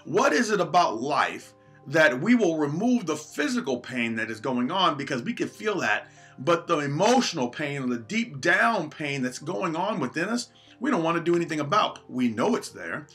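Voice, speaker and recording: Earnest guy preaching a pep talk on a livestream, bright voice, a bit of music in the back. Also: a little high, big pitch swings, normal speed. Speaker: motivational speaker.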